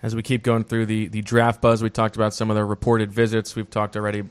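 A man's voice: on the low side, completely flat delivery, quick pace, clear, resonant tone. A man hosting a casual sports discussion, steering the conversation and setting up topics and questions. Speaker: show host.

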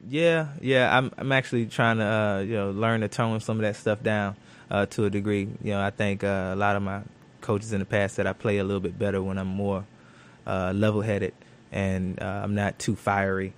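A man's voice: on the low side, little pitch movement, moderate pace, a little hiss or hum. A man, a professional football cornerback, answering questions in a studio interview, thoughtful and full of fillers and restarts.

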